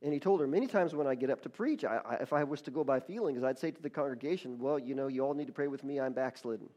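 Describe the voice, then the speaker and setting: A man's voice: medium pitch, fast talker, mellow. A man giving a sermon, telling a story with frequent restarts and repeated words, building to fervent praise. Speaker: pastor.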